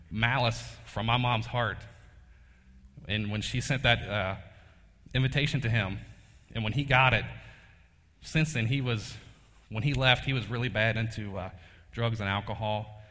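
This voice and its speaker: A man's voice: fairly low pitch, steady tone, normal speed, long pauses, fairly bright tone. A man, preaching a casual sermon and telling a personal story in a folksy way, laughing often. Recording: long hall reverb.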